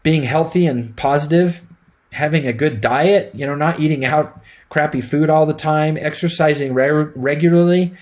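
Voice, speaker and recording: A man's voice: a little high, moderate pace, a little mellow. Plain-spoken man teaching a class. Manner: plain-spoken, conversational, with fillers. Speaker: EMT instructor. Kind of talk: lecture.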